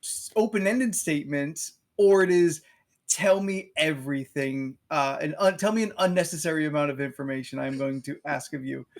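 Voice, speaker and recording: Podcast cohost, man, a bit high, dry and mocking. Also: moderate pace, vocal fry. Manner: wry commentary with mocking quotes. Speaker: podcast co-host. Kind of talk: casual chat.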